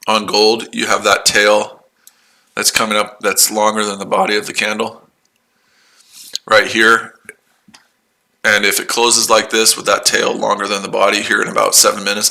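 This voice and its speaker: A man's voice: fairly low pitch, creaky, pushed and bright. A man hosting a casual trading livestream, talking to his chat in a mocking, repetitive way. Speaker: trading streamer.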